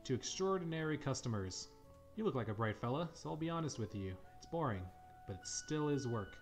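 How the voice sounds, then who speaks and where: A man's voice: mid-range voice, animated, brisk, soft background music, natural voice. A man voicing a sly, folksy older bartender who is also a seer, reading a fan game's dialogue aloud.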